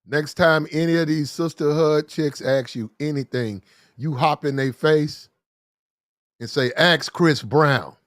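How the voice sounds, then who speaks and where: A man hosting a commentary show, ranting bluntly with profanity, repeating lines for emphasis and getting loud and fast when worked up. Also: fairly high pitch, steady tone, no echo, studio quality. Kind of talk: heated commentary rant.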